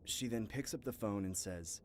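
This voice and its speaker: A man reading scary stories aloud in first person at a steady pace, with a few asides of his own. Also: on the low side, normal speed, slight background noise. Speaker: horror story narrator. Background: faint music.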